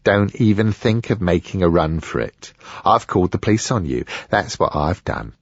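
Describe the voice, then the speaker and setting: Man putting on a wheedling greedy old dealer, sour mutter, low, dull dry sound. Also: lively intonation, measured pace, no room sound. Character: sly greedy older male antique dealer.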